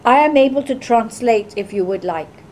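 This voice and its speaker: A woman's voice: on the high side, lively intonation, moderate pace, darkish tone, close to an everyday voice. A woman reading the lines of a guarded young Iraqi woman who speaks formally and earnestly.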